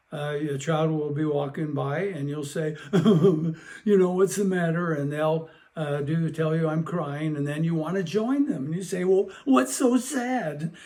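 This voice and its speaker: Gravelly man teaching parents. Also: on the high side. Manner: animated, acts out playful exchanges with children. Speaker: parenting expert. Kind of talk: educational talk.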